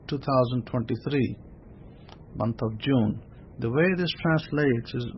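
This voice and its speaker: A man delivers a Torah study sermon in a loose, conversational way, firing off rhetorical questions and circling back over his words. His voice sits at an ordinary middle pitch. The recording is dull and lo-fi, with a faint hiss of noise behind him. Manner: repeats words while building a point. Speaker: Torah teacher.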